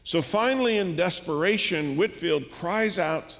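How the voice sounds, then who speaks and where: A man's voice: fairly high pitch, animated, moderate pace, creaky, few pauses, a bit bright. A male pastor preaching a sermon, telling a story and acting out its dialogue. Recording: church hall with long reverb.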